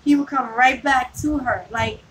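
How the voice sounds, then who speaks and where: This vlogger's voice sits high, bright and steady, at an ordinary pace, as she holds a loose live chat with her viewers. Laughter and plenty of "like" and "you know" run through her rambling. Audio comes from a distant phone with noticeable noise around her.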